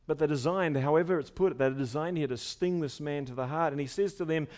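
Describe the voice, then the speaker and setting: A man preaching a sermon in a conversational way, dropping to soft asides and rising to loud, emphatic stretches. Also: on the high side, a little fast, hardly any pauses. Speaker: pastor.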